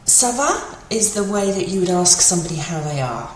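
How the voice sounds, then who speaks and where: In a room with noticeable echo and a little background noise, a woman teaches French in a relaxed, spoken lesson. Her voice is fairly low and lively, and she chats with fillers while slowly repeating sample phrases.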